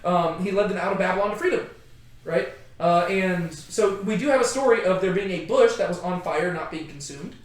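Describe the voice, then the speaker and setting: High-voiced man teaching in echoey room. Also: a little fast. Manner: animated, chatty, acts out quotes, asks the group questions. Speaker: Bible study teacher. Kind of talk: casual group Bible teaching.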